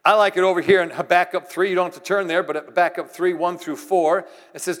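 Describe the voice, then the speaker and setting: A middle-aged man preaching a sermon, telling stories in an animated way, swinging between loud exclamations and hushed asides. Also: high voice, quick pace, hardly any pauses. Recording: long reverb of a large hall.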